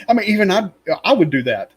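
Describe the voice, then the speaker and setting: A man's voice: high-pitched, big pitch swings, normal speed, husky, rough recording. A man co-hosting a casual fan chat, rambling and opinionated, with lots of fillers and asides. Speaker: podcast co-host.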